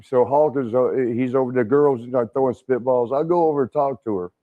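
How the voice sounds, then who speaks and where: A man's voice: mid-range voice, fairly quick. An older man telling a rowdy story in casual chat, laughing often, swearing and acting out quotes. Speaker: wrestling legend guest. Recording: dull lo-fi stream audio.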